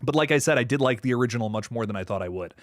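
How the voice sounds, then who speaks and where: This is a male livestream host racing through viewer comments in a medium-pitched voice, animated and rambling, with plenty of swearing and frequent laughter. Studio-quality sound, with no room sound.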